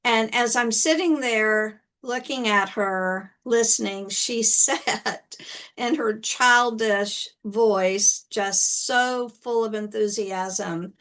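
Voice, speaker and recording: A woman motivational speaker tells a personal story slowly and gently. Her voice sits fairly high, and she often repeats words as she recounts the moment.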